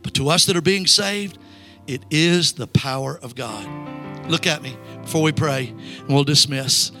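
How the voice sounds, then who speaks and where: Male evangelist, high bright voice, call-and-response sermon over soft music. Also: unhurried. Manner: call-and-response preaching, urging the crowd to repeat lines. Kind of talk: revival sermon. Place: church sanctuary.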